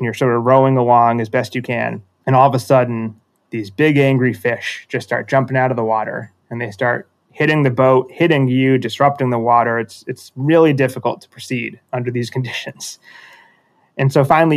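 A man's voice: mid-range voice, fairly even intonation, a little fast. A man telling a metaphorical story in a casual conversation, reflective and self-deprecating, often restarting sentences.

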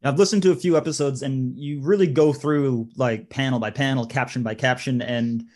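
A man's voice: mid-range voice, fairly even intonation, normal speed, darkish tone. A man interviewing podcast hosts in a friendly, conversational way. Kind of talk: casual chat.

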